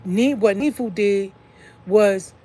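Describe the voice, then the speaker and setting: A woman's voice: medium pitch, slow, warm tone. Emphatic woman talking to viewers. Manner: emphatic, repeats "okay?" and "like I said" to listeners. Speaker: online video speaker. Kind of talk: casual spoken monologue to viewers.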